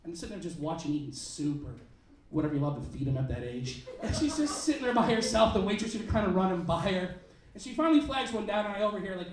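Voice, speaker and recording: A man doing stand-up in a comedy club, his voice pitched high and swinging wildly as he acts out little characters. The sound is very echoey and a touch distant, like a room mic picking him up from across the club. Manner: animated, acts out characters in quick bits. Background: audience laughter.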